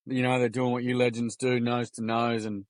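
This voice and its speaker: Animated Australian man telling stories. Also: medium pitch, moderate pace, dry recording. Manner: animated, slangy, acts out quotes. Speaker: podcast guest, workshop founder. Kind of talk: casual storytelling interview.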